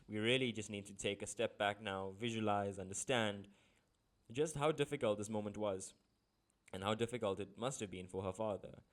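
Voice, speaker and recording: A man, teaching a poem analysis lesson in an explanatory way with deadpan asides. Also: on the low side.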